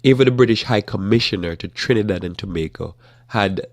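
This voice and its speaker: A man hosting a talk program, speaking in an animated way with rhetorical questions and frequent restarts. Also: on the low side, fairly quick, gravelly. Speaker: talk show host. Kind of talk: casual commentary.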